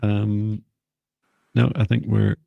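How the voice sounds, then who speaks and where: A man's voice: on the low side, flat delivery, slow pace, creaky, no room sound, lo-fi sound. A man hosting a live-stream psychic reading session, chatting casually and light-heartedly while waiting on viewers.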